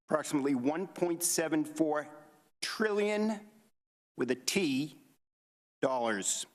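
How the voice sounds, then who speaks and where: A man reading a prepared statement as a witness at a hearing, measured and careful with figures. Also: on the high side. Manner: measured, reads statistics carefully. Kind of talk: formal prepared testimony. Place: hearing room. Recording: long reverb of a hearing room.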